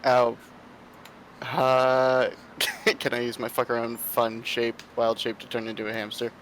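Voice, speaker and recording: A man's voice: medium pitch, monotone, measured pace, a bit bright, slight background noise. A man playing a tabletop game, joking around and swearing freely. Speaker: player. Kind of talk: casual tabletop play.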